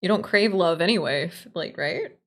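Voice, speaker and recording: This woman speaks in a lowish voice at a moderate pace. On her live stream she chats away casually and playfully, answering viewers in a blunt, opinionated style laced with heavy profanity.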